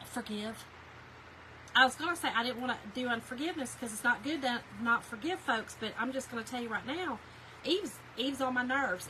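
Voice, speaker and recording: A woman's voice: on the high side, pushed and bright, slight background noise, rough recording. A middle-aged woman, chatting casually with viewers on a live craft stream and answering their comments. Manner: chatty, talks straight to viewers, reads out chat comments. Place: home craft room.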